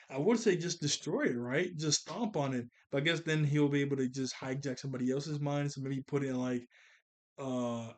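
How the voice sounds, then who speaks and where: A man reviewing a cartoon episode in a casual, excited recap, rambling with fillers and laughing as he retells it. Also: mid-range voice. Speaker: show reviewer.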